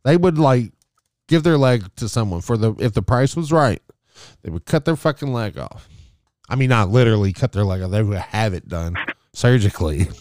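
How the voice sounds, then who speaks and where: A man's voice: lowish voice, expressive, normal speed, darkish tone, dry recording, studio quality. A man in casual chat, laid-back and profane, laughing often.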